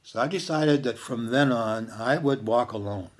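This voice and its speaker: Older man telling a reflective story. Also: medium pitch. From Canada. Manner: slow, reflective, with hushed quoted lines. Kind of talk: personal storytelling monologue.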